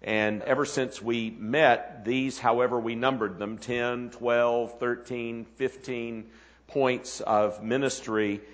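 Man, conference leader, earnest address at mid pitch, long hall reverb. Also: steady tone, slow pace. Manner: earnest, with frequent fillers and restarts.

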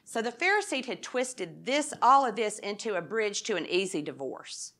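A woman's voice: medium pitch, big pitch swings, moderate pace, a bit bright. A woman giving an expository sermon, reading scripture aloud in an earnest tone and putting rhetorical questions to her listeners. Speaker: Bible teacher.

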